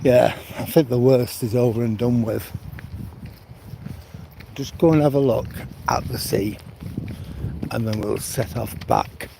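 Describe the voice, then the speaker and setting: A man's voice: medium pitch, steady tone, vocal fry, background noise. A man, chatting casually on a live stream while walking outdoors along the coast. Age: 70s. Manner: unhurried rambling chat, answers viewers' comments.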